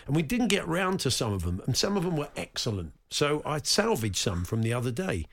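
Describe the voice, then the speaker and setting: A man's voice: on the high side, very animated, brisk, vocal fry. A man with a British accent hosting a radio show, joking around and reading out listener messages. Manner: jokey storyteller, reads out listener messages. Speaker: radio host. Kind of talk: casual radio chat.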